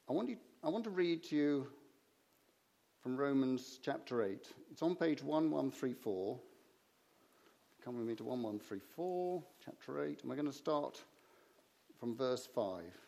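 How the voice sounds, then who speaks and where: A man's voice: medium pitch, lively intonation, measured pace, vocal fry, long pauses, mellow. A man preaching a sermon, telling stories and acting out the conversations in them. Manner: anecdotal, acts out conversations in his stories.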